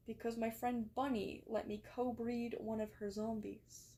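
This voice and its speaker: A young woman from England talks on a live stream in a casual, rambling way. Her voice sits a little high. She reacts to her chat, swears freely and laughs easily. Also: level tone, a little slow, hardly any pauses, dark tone.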